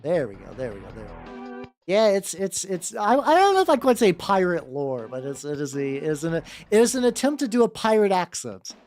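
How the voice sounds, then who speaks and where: Chatty streamer with a lively voice. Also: mid-range voice, fairly quick. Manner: chatty, greets viewers by name between rambling anecdotes. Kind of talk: live-stream chat. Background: faint background music.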